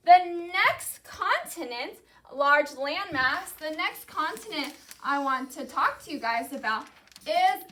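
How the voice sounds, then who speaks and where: A woman teacher with a high, bright voice runs a call-and-response lesson. She speaks unhurriedly and says each term clearly so the class can echo it. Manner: says each word slowly and has the class repeat it.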